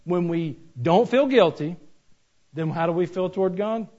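A man preaching a sermon, animated and joking, with rhetorical questions to the congregation. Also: high-pitched, moderate pace. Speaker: pastor. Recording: dull lo-fi recording.

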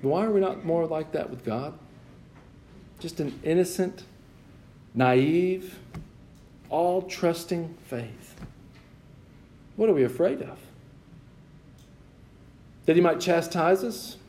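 A man preaching in church. His voice sits a little high, and he swings between emphatic declarations and relaxed, joking asides to the congregation. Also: slow, pauses often, a little hiss or hum. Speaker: pastor. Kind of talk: sermon.

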